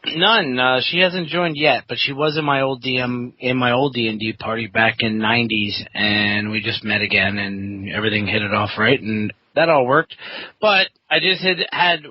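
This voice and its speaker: A man's voice: mid-range voice, steady tone, moderate pace, slight background noise. Casual podcast co-host, man, rambling storyteller, dull lo-fi recording. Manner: rambling storyteller, acts out quoted voices. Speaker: podcast co-host, game master. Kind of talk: casual chat. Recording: dull lo-fi audio.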